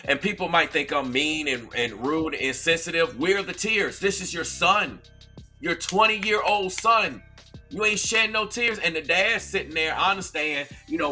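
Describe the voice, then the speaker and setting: A man's voice: a little high, pushed and bright. A man hosting a live-stream commentary, talking straight to viewers and reading chat, with an emphatic, repetitive, preachy delivery. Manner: conversational, addresses viewers directly. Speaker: commentary channel host.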